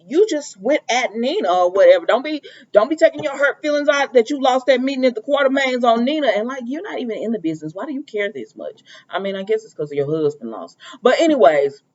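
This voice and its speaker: A woman's voice: fairly high pitch, animated, fast, hardly any pauses, darkish tone, muffled recording. A woman giving a casual, chatty recap of a soap opera episode, acting out the characters' lines and often trailing off with "or whatever.".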